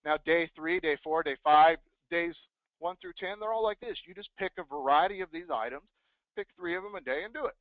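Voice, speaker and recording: A man giving an energetic motivational sales talk to real estate agents, acting out sample phone scripts. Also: a little high, a little fast, dry recording. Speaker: real estate team leader and speaker. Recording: dry, phone-like thin sound.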